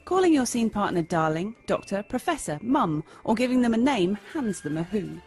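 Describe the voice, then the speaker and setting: Over soft background music, a woman gives a scripted lesson on improv comedy at a normal pace in a mid-range voice. As the teacher, she's playful and lively, jumping into character voices.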